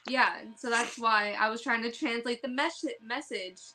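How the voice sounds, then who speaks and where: A woman's voice: on the high side, moderate pace, crowd noise. A young woman, a wrestler, chatting in an interview, giggly and protesting playfully. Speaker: wrestler in a father-daughter tag team. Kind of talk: casual interview chat.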